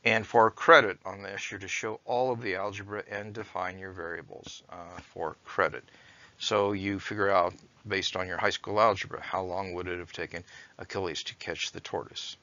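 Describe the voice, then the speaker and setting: Male teacher, measured explainer, bright forceful tone, dull lo-fi dry recording. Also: low voice, fairly even intonation. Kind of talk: recorded lecture with read-aloud story.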